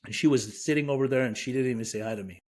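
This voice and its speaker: A man's voice: mid-range voice, rapid-fire, darkish tone. A middle-aged man from Iran, a podcast guest, telling a personal story with feeling and acting out the dialogue. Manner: emotional, vivid retelling with quoted dialogue.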